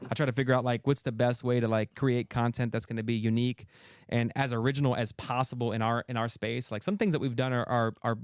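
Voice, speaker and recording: Fast-talking man, earnest creator. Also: medium pitch, steady tone, clean tone, no echo. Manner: quick, earnest, full of restarts. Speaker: content creator guest. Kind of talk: casual interview chat.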